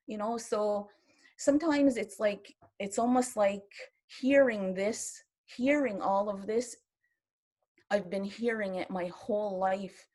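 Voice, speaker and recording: An older woman from Kahnawake, Quebec, a grandmother, talks earnestly in a medium-pitched, slightly mellow voice during an online round-table video call. Her speech has many restarts, and there are moments when her emotions come through.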